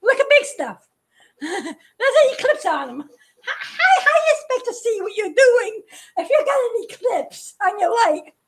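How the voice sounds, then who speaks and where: A giggly woman with a very high voice chats at home in a casual vlog. She laughs almost nonstop, and her excited voice swings up and down as she talks. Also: measured pace. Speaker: animator showing her work to fans.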